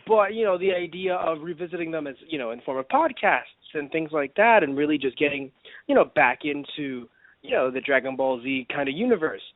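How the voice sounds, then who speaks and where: Animated and a little fast, a podcast co-host rambles in casual conversation, full of fillers and restarts. His slightly high voice moves through wide pitch swings, and the sound is thin and dry like a phone line, with no echo.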